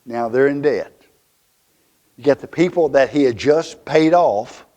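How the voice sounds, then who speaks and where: A male pastor with a Southern US accent preaching a fiery, emphatic sermon in a church, swinging from loud to hushed. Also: mid-range voice, a little slow.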